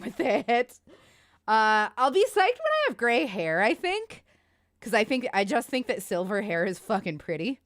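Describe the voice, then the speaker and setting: Breathless woman nearing forty, slow and chatty. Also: mid-range voice. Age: late 30s. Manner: rambling, self-deprecating, laughs often. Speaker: streamer. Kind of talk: casual chat while crocheting.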